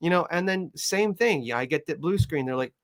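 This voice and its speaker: A man who trains dogs, chatting casually and telling animated stories, often laughing and switching into high, playful voices for the people and dogs he quotes. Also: fairly quick. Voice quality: chatty with frequent fillers and laughs. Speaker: dog trainer. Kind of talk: casual chat.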